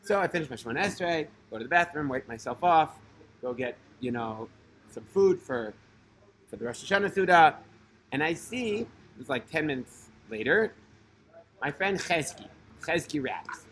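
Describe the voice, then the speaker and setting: With a little hiss or hum in the background, a man tells a personal religious story in casual spoken form, sprinkling in Hebrew terms amid fillers and restarts. As the storyteller host, he speaks animatedly at a moderate pace in a slightly high, fairly bright voice.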